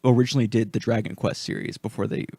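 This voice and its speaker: A man co-hosting a podcast who mostly reacts briefly, with a gravelly, husky voice. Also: mid-range voice, flat delivery, fast talker, mellow, no room sound. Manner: short reactions and backchannels. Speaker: podcast co-host. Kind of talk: casual podcast chat.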